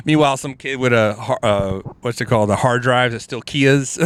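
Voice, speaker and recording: A man spinning a loose, animated story as a podcast guest, full of "like" and "um" and false starts. His voice is smooth and resonant at a middle pitch. It is recorded close and dry, with no room sound. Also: unhurried, no room sound. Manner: rambling, animated storyteller with many fillers and restarts. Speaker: comedian guest.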